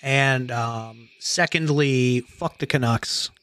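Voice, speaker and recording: A man's voice: mid-range voice, takes it slowly, fairly bright tone. A man guesting on a podcast, talking in a brash, profane, casual way with lots of fillers. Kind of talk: casual chat.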